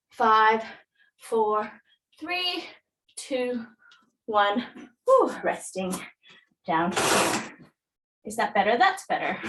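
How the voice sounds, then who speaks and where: A woman's voice: on the high side, a bit bright, recorded from a distance, poor audio. A woman fitness instructor, a little out of breath, guiding a workout and counting reps with encouragement.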